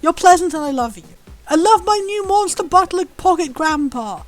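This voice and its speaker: A British woman giving bubbly, excitable commentary while playing a video game. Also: very high-pitched, normal speed, soft background music. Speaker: let's play host. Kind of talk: gameplay commentary.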